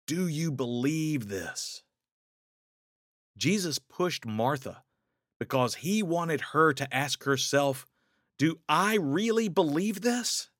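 A man preaching a sermon, rising into urgent questions and dropping to hushed, slow lines. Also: mid-range voice, no room sound, clean studio sound. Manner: dramatic swings between raised urgent questions and soft hushed lines.

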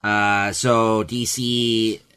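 A man's voice: fairly low pitch, little pitch movement, drawn-out words, bright, forceful tone, smooth. A man co-hosting a podcast in casual chat, easygoing and agreeable, with frequent uhs and ums. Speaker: podcast co-host.

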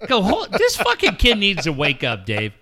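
A middle-aged man telling a story in casual chat, animated and swearing often. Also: high voice, moderate pace. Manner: animated, swears often, acts out quoted shouts. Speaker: show regular telling a story.

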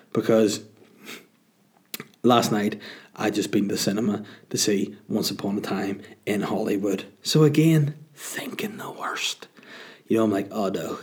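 With a lowish, darkish-toned voice, a young man hosting a podcast relates a funny story, mocking himself sardonically and cursing freely.

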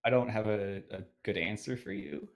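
Low-voiced man telling a rambling story. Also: normal speed. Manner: rambling, hesitant, with many fillers. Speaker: podcast guest. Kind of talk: casual storytelling.

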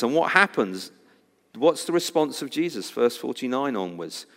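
Bright-voiced preacher in a ringing hall. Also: male voice, mid-range voice, normal speed. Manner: animated, swings from loud cries to hushed intensity. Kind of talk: sermon.

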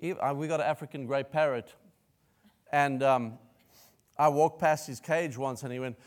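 A man's voice: mid-range voice, fairly even intonation, normal speed. A man preaching a sermon in a rambling, self-interrupting way, breaking into outbursts of praise. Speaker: pastor.

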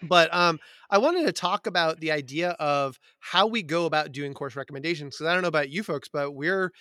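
A man's voice: a little high, brisk, pushed and bright, no echo, studio quality. A middle-aged man hosting a casual chat, talkative with frequent fillers and laughs. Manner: chatty, laughs often, many fillers. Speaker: podcast host, teacher.

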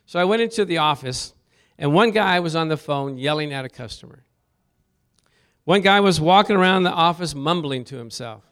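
The pastor's voice sits on the high side, clear and a bit bright with a resonant tone, and he delivers his sermon animatedly at a normal speed. Through storytelling drawn from his own life, he poses questions to the congregation and pushes his emphasis upward on important words.

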